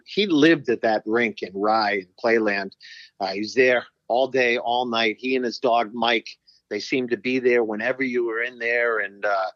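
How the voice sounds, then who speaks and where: A middle-aged man, a former pro hockey player, telling stories as a podcast guest in a profane, animated way, acting out quotes. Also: medium pitch, no echo, highs cut off. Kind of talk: casual storytelling interview.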